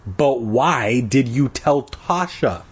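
A man's voice: medium pitch, expressive, takes it slowly, husky, full character voice. A man voicing a nasty bullying boy with a taunting, sneering manner.

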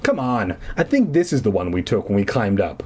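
A man voicing a calm older sister who reassures and teases her little brother, in a husky voice. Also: fairly low pitch, fairly quick. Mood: reassuring. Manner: reassuring, a bit teasing.

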